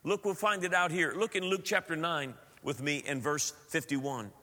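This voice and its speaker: A man preaching a sermon as pastor, animated with playful asides. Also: on the high side, moderate pace. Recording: long hall reverb.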